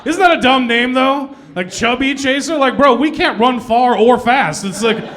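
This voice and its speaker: A man's voice: very high-pitched, normal speed, a bit bright. A young adult man doing a self-deprecating stand-up comedy set on a club stage, laughing at his own jokes.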